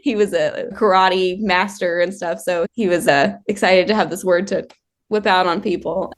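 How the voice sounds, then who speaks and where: A woman's voice: lowish voice, steady tone, normal speed. Chatty woman podcast co-host, storytelling. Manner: storytelling, laughs often. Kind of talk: casual podcast chat.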